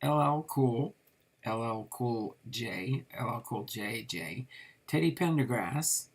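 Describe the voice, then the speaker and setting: Man, card collector host, slow rambling delivery, husky gravelly voice. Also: mid-range voice, lively intonation. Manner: slow, rambling, with frequent fillers while reading names off cards. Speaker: trading card collector reviewing a set. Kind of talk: casual card review.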